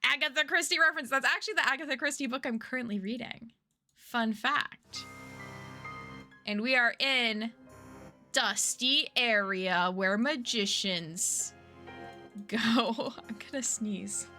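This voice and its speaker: A woman's voice: on the high side, unhurried, bright, forceful tone, soft background music. A woman streaming a mystery game, chatting casually, reading chat aloud and reacting with gasps and laughs.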